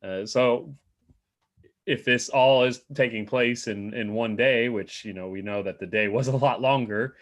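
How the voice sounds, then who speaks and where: A man's voice: medium pitch, unhurried. A man co-hosting a Bible study show, discussing a passage in a hesitant, casual way with many fillers. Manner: hesitant, trailing off, frequent fillers.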